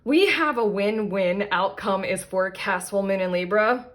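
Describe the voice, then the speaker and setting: A woman's voice: mid-range voice, moderate pace, a bit bright. Rambling woman giving a tarot reading. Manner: rambling, self-interrupting, frequent fillers and asides. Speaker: tarot reader. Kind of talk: casual pick-a-card tarot reading.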